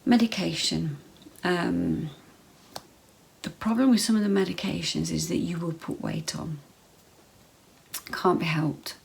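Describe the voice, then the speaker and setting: A woman's voice: fairly low pitch, measured pace, gravelly, long pauses, rough recording. A woman vlogging casual health advice straight to camera, chatty, full of ums and repeated phrases.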